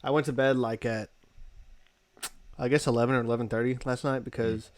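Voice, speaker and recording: Chill guy rambling on a podcast, smooth voice, dry sound. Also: mid-range voice, steady tone, brisk, dry recording. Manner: laid-back, rambling. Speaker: podcast co-host. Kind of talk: casual chat.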